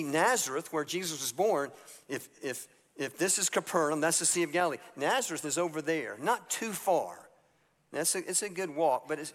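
A man with a slightly higher voice preaches a sermon, retelling Bible scenes with lively, casual storytelling. His voice rings out in a church hall with a long reverb tail. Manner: storytelling, acts out biblical characters in a casual voice. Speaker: pastor. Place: church sanctuary.

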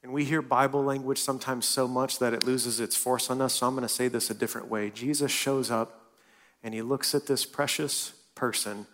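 A man preaching a sermon in a church, swinging from loud and lively to hushed and soft. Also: medium pitch, moderate pace. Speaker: pastor.

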